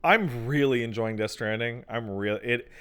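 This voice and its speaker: A young man co-hosts a laid-back gaming podcast, telling stories with animation and acting out mock-exasperated quotes while swearing plenty. His mid-range voice is smooth, the pace moderate. The chat centres on video games.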